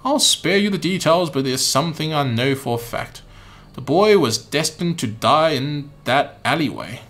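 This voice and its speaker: A man voicing a polite, sinister, unaging male figure with a put-on British manner and slow, theatrical delivery while reading game dialogue. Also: a little high, lively intonation, a bit bright. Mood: genteel menace. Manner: mock-British, genteel, drawn-out theatrical delivery. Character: polite sinister male being, unaging, in a borrowed boy's body.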